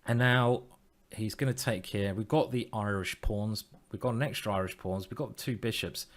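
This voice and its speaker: Playful low-voiced man thinking aloud. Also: fairly even intonation, moderate pace. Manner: playful, self-mocking, talks to himself and his opponent. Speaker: chess streamer. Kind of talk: thinking aloud while playing online chess.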